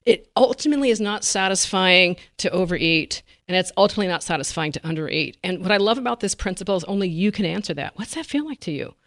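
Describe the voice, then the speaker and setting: Fast-talking woman dietitian. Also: fairly low pitch, dry recording, studio quality. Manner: animated, laughs often, acts out quotes. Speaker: dietitian guest. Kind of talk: conversational interview.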